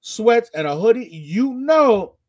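A young man co-hosting a podcast, telling stories in an animated, profane way. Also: extremely high pitch, takes it slowly. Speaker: podcast co-host. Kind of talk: casual chat.

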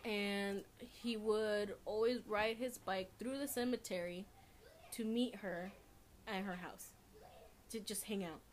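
A woman's voice: medium pitch, fairly even intonation, takes it slowly, slight background noise. A young woman co-hosting a casual podcast, telling a rambling story between bursts of laughter. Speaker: podcast co-host.

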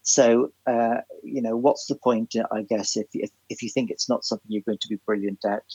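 A man's voice: on the low side, steady tone, moderate pace, darkish tone, breathy edge, no echo, poor audio. A man, a theatre writer and composer, telling anecdotes as a guest in a casual interview, with many restarts and fillers. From Ireland.

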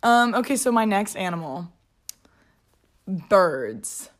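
A woman's voice: mid-range voice, animated, slow. A woman hosting a casual solo podcast from home, rambling along with lots of fillers and amused by her own jokes. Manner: rambling, filler-heavy, chatty, amused by herself. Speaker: podcast host. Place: at home, alone.

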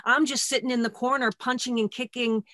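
A woman hosting a podcast conversation, talking candidly and self-deprecatingly with halting restarts. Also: fairly high pitch, fairly even intonation, pushed and bright, dry recording, studio quality. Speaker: podcast host.

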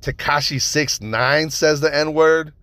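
A man hosting a podcast, telling stories in a casual monologue, animated and profane, with lots of rhetorical questions. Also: a little high, takes it slowly, dry recording. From United States (Nevada). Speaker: podcast host.

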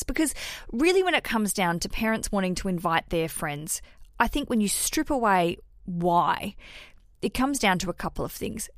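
A woman's voice: mid-range voice, no room sound, clean studio sound. A woman hosting a podcast and giving casual, frank wedding advice, swearing freely and putting on voices to quote people. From Australia. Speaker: podcast host answering listener questions.

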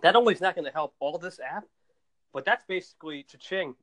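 A male podcast host in casual chat, telling stories in an excitable, animated way and often repeating words as he goes. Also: fairly high pitch, a little fast.

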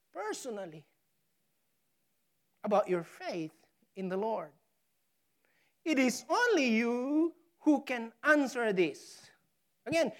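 Slow, emphatic woman preaching a sermon. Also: medium pitch. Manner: emphatic, dramatic pauses on key words; slow, deliberate delivery. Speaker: pastor.

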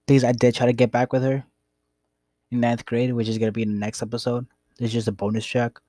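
A man's voice: medium pitch, flat delivery, quick pace, mellow, dry recording. A young man casually telling a rambling, profane story about his past. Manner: rambling, profane, laid-back.

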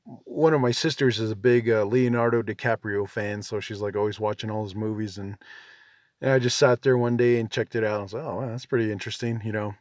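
A man's voice: lowish voice, steady tone, fast talker, a little mellow, no room sound. Laid-back rambling man with a dry sound. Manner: rambling, frequent "you know" and "um" fillers; laid-back, self-deprecating. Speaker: veteran podcast host. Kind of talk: casual monologue.

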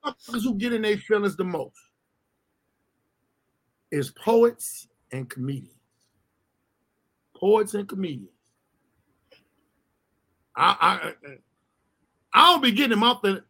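A man co-hosting a casual comedy podcast chat, loud and profane, acting out little scenes. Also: sits high, sing-song, measured pace, long pauses, slightly rough. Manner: loud, profane, acts out scenes in funny voices. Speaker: podcast co-host.

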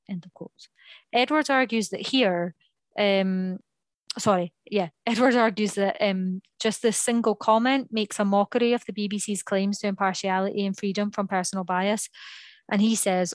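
A woman's voice: mid-range voice, steady tone, moderate pace, dry recording. A woman, co-hosting a podcast and reading from notes, often stopping to correct herself and apologise. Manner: reads from notes, with frequent apologies, ums and self-corrections. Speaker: podcast co-host. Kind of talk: reading prepared notes in casual podcast talk.

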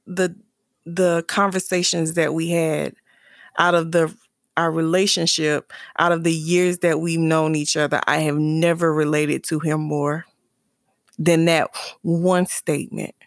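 In a low voice, recorded at studio quality with no room sound, a mother candidly shares a personal story about her son and his father. She is earnest and emotional, often restarting and repeating phrases.

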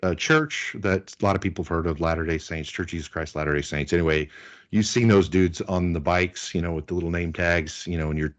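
A man's voice: low-pitched, steady tone, fairly quick. A middle-aged American man, a guest in an interview, telling stories casually with lots of fillers. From United States. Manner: chatty, anecdotal, many fillers.

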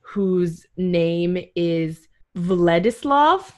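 A woman's voice: lowish voice, lively intonation, drawn-out words. A young woman co-hosting a casual podcast, telling a history story with lots of laughs and self-corrections. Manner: giggly, self-correcting, chatty. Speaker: podcast co-host.

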